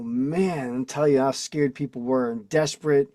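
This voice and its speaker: A man's voice: mid-range voice, steady tone, normal speed, hardly any pauses, mellow, no room sound, studio quality. Rambling, indignant man on a call. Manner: rambling, reads text aloud then riffs indignantly. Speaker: host. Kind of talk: casual livestream chat.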